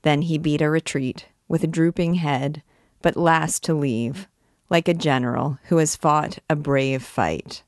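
Low-voiced woman reading a novel aloud. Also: steady tone, measured pace, dry recording, clean studio sound. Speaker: reader and guide to a classic novel.

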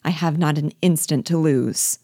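A woman reading the lines of a distressed young gentlewoman from a classic novel, urgent and anguished, in a low, mellow voice. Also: normal speed, no room sound, studio quality.

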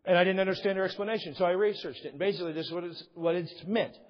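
A man's voice: high-pitched, rapid-fire. A man preaching a sermon emphatically, repeating key phrases for weight, with an aside now and then. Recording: long reverb, dull lo-fi sound.

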